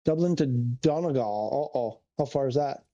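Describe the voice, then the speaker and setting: A man's voice: mid-range voice, moderate pace, warm tone, muffled recording. A man streaming a flight game, chatting casually and thinking aloud as he corrects himself. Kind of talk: casual live-stream chat.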